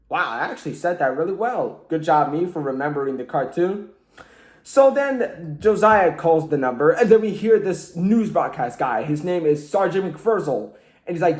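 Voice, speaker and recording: Animated man rambling through a cartoon recap. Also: on the high side, normal speed, echoey room. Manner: rambling, joking, many fillers. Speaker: cartoon reviewer.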